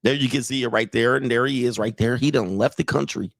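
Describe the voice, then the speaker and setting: A man's voice: medium pitch, quick pace, creaky, dry recording. A man who works as a dating coach, giving blunt, mocking casual commentary on clips and talking straight to his viewers.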